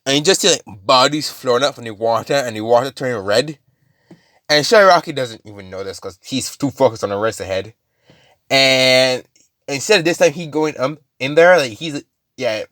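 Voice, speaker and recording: A man narrates a story in a loose, rambling way, stopping and restarting often with plenty of fillers. His pitch sits in the middle for a man. The sound is dry and close. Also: moderate pace, fairly bright tone, dry recording. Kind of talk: casual storytelling.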